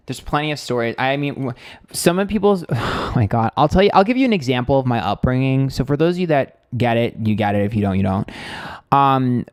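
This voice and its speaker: A man's voice: mid-range voice, clear, resonant tone. A man in his thirties from New York, with a New York accent, chatting casually on a live stream as a psychic tarot reader. He reads viewer comments aloud and talks loosely and candidly, swearing freely and filling his speech with "like" and "um.". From Queens, New York. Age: 30s.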